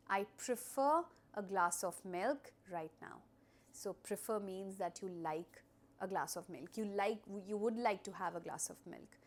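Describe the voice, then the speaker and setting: A woman gives a recorded vocabulary lesson to young pupils. She explains each word through repeated everyday examples and leads call-and-response drills. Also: a little high. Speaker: English teacher.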